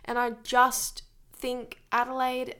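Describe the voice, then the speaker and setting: A young woman with an Australian accent co-hosting a casual sports podcast, confident and quick to laugh. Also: high-pitched, completely flat delivery, fairly bright tone, smooth. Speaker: podcast co-host.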